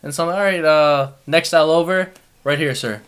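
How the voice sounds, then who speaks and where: A young man in his twenties telling a story in casual chat, animated and laughing often. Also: a little high, brisk, clear, resonant tone.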